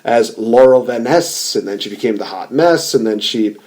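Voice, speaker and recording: A man's voice: medium pitch, expressive, moderate pace, darkish tone. A man hosting a podcast, chatting casually, rambling and laughing often. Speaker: podcast host. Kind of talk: casual chat.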